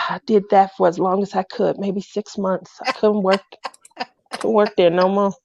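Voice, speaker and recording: A woman telling a personal story in a casual, animated way. She acts out the people she quotes in a loud voice. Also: mid-range voice, normal speed, creaky, dry recording. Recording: dull, dry lo-fi recording.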